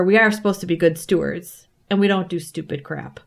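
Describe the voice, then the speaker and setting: A woman's voice: lowish voice, moderate pace, vocal fry, hardly any pauses. A woman guest in a casual faith conversation, talking candidly and animatedly, often saying "like" and laughing at herself. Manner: frequent filler "like". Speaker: podcast guest.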